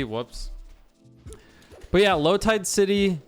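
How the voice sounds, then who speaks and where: A man's voice: sits high, animated, slow pace. A man chatting casually on a game stream, telling a long story with many restarts and fillers. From Washington state. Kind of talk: casual stream chat while gaming. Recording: faint music underneath.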